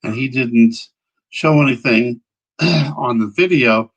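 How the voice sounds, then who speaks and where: A man hosting a casual livestream, rambling as he checks his audio, greets viewers by name and often clears his throat. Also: mid-range voice, takes it slowly, highs cut off. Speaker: livestream host.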